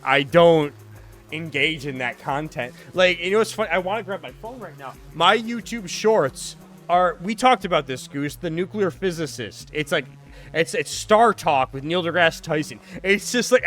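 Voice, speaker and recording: A man's voice: a little high, animated, measured pace, a bit bright, soft background music. A young man streaming a game live, chatting casually, swearing a lot and laughing as he rants. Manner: profane, ranting, laughs often. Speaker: livestreamer.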